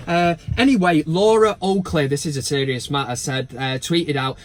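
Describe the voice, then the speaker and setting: A man's voice: fairly high pitch, moderate pace, few pauses. Blunt, sweary man. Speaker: football fan channel host. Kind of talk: casual vlog commentary.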